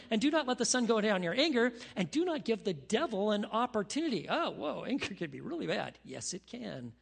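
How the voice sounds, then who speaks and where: A man preaching a sermon as pastor, animated, dropping to a hushed voice when he prays. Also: high-pitched, quick pace, gravelly, slightly rough, in a large hall. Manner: animated, drops to a hushed voice for prayers.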